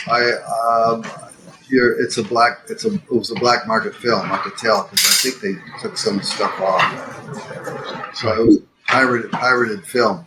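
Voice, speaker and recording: An older man tells a story in a low, unhurried voice, full of ums and restarts. A steady noise sits under the recording. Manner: rambling, many fillers and restarts. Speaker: podcast guest, animator. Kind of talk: casual storytelling.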